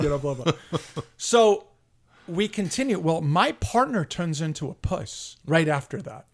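A middle-aged man telling a story on a sports podcast with a voice a bit higher than most men's. He talks in a blunt, profane and animated way, building the tale up with plenty of attitude. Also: normal speed. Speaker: podcast host. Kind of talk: casual sports chat and storytelling.

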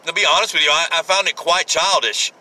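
A man's voice: a little high, fairly even intonation, quick pace, sharp tone, rough recording. Blunt, profane man in his forties. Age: 40s. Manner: blunt, rambling, profane, with many restarts. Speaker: podcast host. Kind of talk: solo podcast monologue.

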